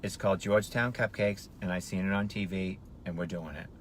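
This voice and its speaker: A man's voice: low voice, brisk, slight background noise. A middle-aged man from Maine, a comedian telling jokey stories in casual chat inside a car. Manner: joking storyteller, animated. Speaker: comedian guest.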